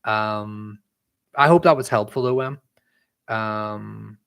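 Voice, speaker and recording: A young man from Northern Ireland, whose Irish accent has drifted and mixed from living abroad, hosts a live stream and answers viewer questions. He's chatty and rambling, packing in "um" and "like" and reading chat messages aloud, at a moderate pace in a fairly bright, ordinary mid-pitched male voice.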